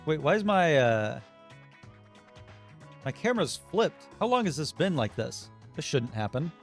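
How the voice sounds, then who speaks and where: Slow-talking man streaming a game. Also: on the high side, faint music behind. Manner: relaxed, muttering and thinking aloud while playing. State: throat getting sore. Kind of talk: casual live game commentary.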